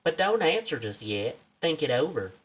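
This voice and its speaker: A man voicing a chipper female field researcher in a put-on Southern accent, reading game lines aloud in a high, sing-song, gushing way. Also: big pitch swings, normal speed, breathy edge, recorded from a distance.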